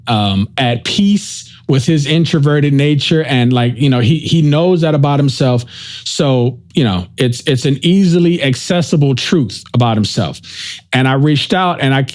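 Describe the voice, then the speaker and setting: A man's voice: mid-range voice, measured pace. A man hosting a podcast, talking through a casual solo monologue in a rambling, reflective way, often checking in with "right?". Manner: informal, says "yo" and "right?". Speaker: podcast host.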